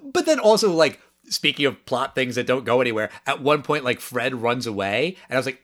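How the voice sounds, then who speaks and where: A man co-hosting a casual movie review podcast, talking in an animated, incredulous way with quick asides. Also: mid-range voice. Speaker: podcast co-host.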